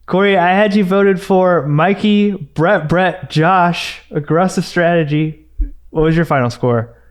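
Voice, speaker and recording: A young man co-hosting a podcast, calmly counting votes and running a game between the hosts. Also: sits high. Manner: slow, deliberate, easy laughter. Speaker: podcast co-host, tallies votes. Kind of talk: casual chat, running a game.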